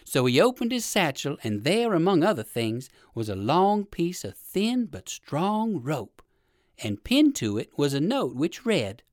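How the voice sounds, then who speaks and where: A man narrating a children's storybook in a gentle, expressive read-aloud manner. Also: fairly high pitch, a little slow, no echo, clean studio sound.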